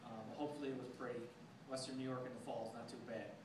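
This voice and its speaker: A man's voice: medium pitch, flat delivery, very fast. A man, the groom, gives a short, plain-spoken thank-you speech at his wedding reception. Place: chilly outdoor wedding venue. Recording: echoey, distant mic, crowd and noise.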